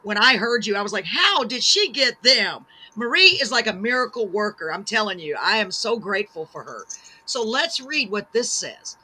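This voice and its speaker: A woman hosts a live-streamed chat show, bubbly and effusive as she reads out comments. Her voice is very bright and sharp, and she pokes fun at herself. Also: mid-range voice, animated, brisk, husky. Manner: bubbly, gushing, self-deprecating. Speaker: talk show host.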